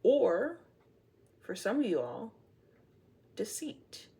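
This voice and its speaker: A woman's voice: mid-range voice, expressive, a little slow. A woman giving a casual tarot reading to camera, playful and blunt, swearing freely and laughing often. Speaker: tarot reader.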